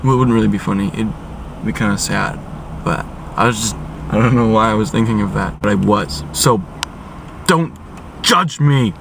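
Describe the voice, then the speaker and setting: A man's voice: lowish voice, moderate pace, gravelly, long pauses. A young man chatting casually to his camera, rambling and self-mocking in a silly mood. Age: young adult. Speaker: vlogger. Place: outdoors by a store. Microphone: handheld phone camera. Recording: distant mic, noisy outdoor recording.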